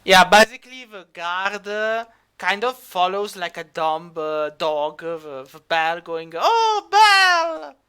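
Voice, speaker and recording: A man's voice: high-pitched, steady tone, a little slow, sharp tone, clear, resonant tone. A man running a tabletop game as game master, rambling with lots of fillers. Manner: rambling, many fillers, laughs easily.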